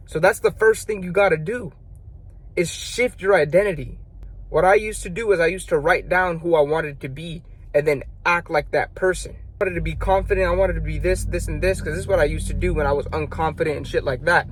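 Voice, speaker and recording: A young adult man tells a story and dishes out blunt, profane, slang-heavy self-improvement advice in a casual monologue. His voice is high, fairly quick and breathy, with no room sound.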